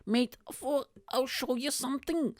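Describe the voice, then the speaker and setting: A man's voice: extremely high pitch, no echo, clean studio sound, voice pushed up. A man putting on the voice of a drunk young man who rants about conspiracy theories, slurring and swearing. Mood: drunken ranting. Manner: slurred, swearing, slow and loud.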